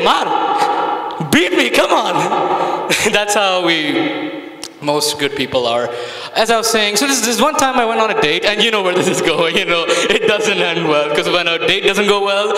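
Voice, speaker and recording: A man's voice: high-pitched, bright, forceful tone. A young man from Saudi Arabia doing a rambling stand-up set at an open mic, teasing the audience and slipping between English and Hindi. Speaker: stand-up comedian. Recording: echoey hall.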